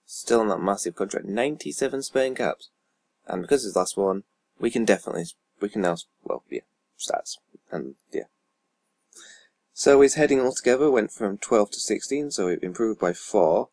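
This man's voice sits on the low side, gravelly and darkish, recorded with no echo. As a YouTuber playing a football management game, he rambles casually over the gameplay, reading stats aloud and swearing and muttering asides under his breath.

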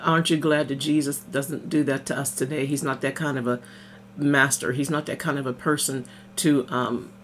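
A woman's voice: extremely low pitch, level tone, moderate pace, slight background noise. Woman preaching casually, full of amens. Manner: conversational, punctuates thoughts with amen and hallelujah; reads scripture aloud, then explains it in plain words. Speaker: minister. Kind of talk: casual devotional sermon over morning coffee.

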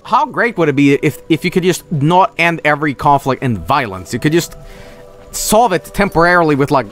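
Soft music plays behind a Swedish streamer with a fairly high voice who talks fairly quickly while commentating a game. His casual commentary is jokey and profane, lively, and full of silly voices.

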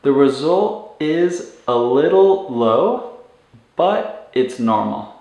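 Slow, patient male language teacher. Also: on the high side, very animated, darkish tone. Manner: patient, slow, repeats words for pronunciation. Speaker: medical Spanish teacher. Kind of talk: instructional explanation. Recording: roomy echo.

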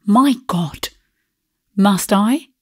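A woman's voice: medium pitch, expressive, very slow, darkish tone, husky, no room sound, clean studio sound, heavily acted. Woman doing a flustered young man. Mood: desperate.

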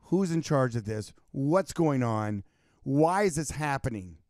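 A man's voice: medium pitch, measured pace, no echo, studio quality. A man co-hosting a casual business podcast, telling stories and acting out the people in them. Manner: animated storyteller, acts out quoted people. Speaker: podcast co-host.

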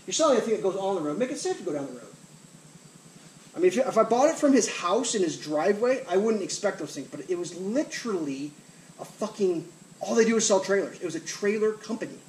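A man's voice: sits high, very animated, fast talker, a little mellow, slight background noise. A man ranting to camera as a vlogger, frustrated, swearing often and repeating himself, recorded outdoors. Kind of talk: angry rant to camera. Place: outdoors by a trailer.

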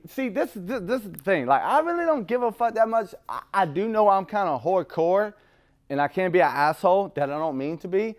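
A man's voice: high-pitched, animated, a little fast. Blunt, swearing man sharing his recovery story. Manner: rambling, restarts, swears freely, laughs often. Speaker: recovery meeting speaker. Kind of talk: profane, blunt recovery talk.

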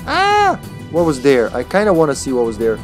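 A man's voice: medium pitch, huge pitch swings, fairly quick, faint music behind. A man streaming a video game, chatting casually and jokingly as he plays. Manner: playful, joking, reads in-game lines aloud. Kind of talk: casual gameplay commentary.

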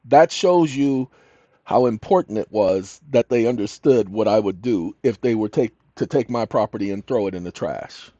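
A man's voice: mid-range voice, animated, normal speed, warm tone, no echo. An older man telling a story as a channel host, emphatic and repeating his key lines. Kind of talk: storytelling monologue. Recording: dull lo-fi audio.

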